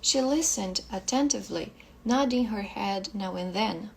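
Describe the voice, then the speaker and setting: Slow, gravelly woman reading a story. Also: mid-range voice, a little hiss or hum, low-quality recording. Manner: slow, careful reading with occasional restarts. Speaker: English teacher. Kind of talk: reading a short story aloud.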